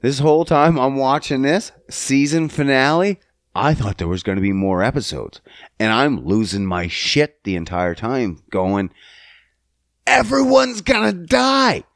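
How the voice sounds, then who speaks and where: A young man hosting a podcast, talking casually and profanely, getting loud and worked up as he rants. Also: medium pitch, moderate pace, dry recording, clean studio sound. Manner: profane, animated, swings loud when worked up. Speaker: podcast host. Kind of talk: casual solo podcast rant.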